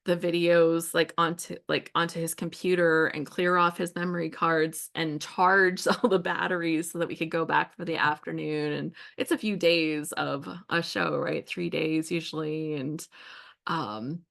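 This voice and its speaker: Chatty woman with a gravelly edge. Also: low voice, fairly even intonation, unhurried, fairly bright tone. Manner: chatty, laughs often, many "like" fillers. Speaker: scrapbooking livestream host. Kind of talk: casual storytelling chat while crafting.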